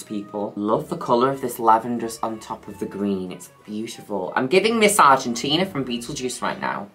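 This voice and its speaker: Lively, bright-voiced woman vlogger. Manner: chatty, camp and playful, drops a flat low "people" at line ends. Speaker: makeup vlogger. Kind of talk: casual makeup tutorial chat.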